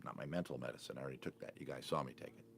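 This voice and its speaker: A middle-aged man hosting a casual coffee chat with his supporters, rambling and often breaking off mid-sentence. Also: racing. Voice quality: low gravelly voice. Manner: rambling, self-interrupting, chatty. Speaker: entertainer and vlog host.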